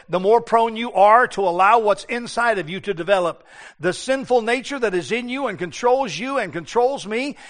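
Male preacher, high-pitched, fervent sermon delivery with dramatic hushes. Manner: impassioned, shifting between hushed and loud, acts out biblical voices.

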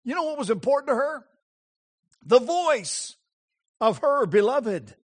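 High-voiced, lively male preacher. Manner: impassioned, emphatic preaching with dramatic pauses. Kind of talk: sermon.

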